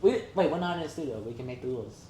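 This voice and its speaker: A podcast co-host in casual chat, animated and quick to laugh, with lots of "like" fillers. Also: medium pitch, a little hiss or hum. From Vietnamese heritage. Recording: roomy, distant mic with faint ambience.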